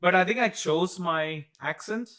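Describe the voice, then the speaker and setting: A man co-hosting a casual podcast chat, playful and quick to slip into mock accents. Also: high-pitched, bright, forceful tone, dry recording, clean studio sound. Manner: playful, slips into put-on accents. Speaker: podcast co-host.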